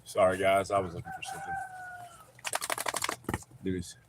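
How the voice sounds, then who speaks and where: A man's voice: deep voice, wildly swooping pitch, moderate pace, background noise. A man with a North Carolina accent hosting a casual livestream from home, rambling and joking with plenty of swearing. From not from North Carolina. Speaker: livestream host. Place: home with dogs.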